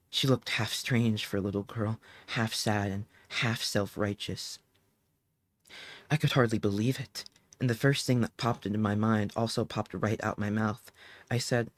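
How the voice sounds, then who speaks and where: A man reading an audiobook aloud in an emotive, dramatic way, slowing down on the key phrases. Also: fairly low pitch, fairly even intonation, no echo. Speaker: audiobook narrator.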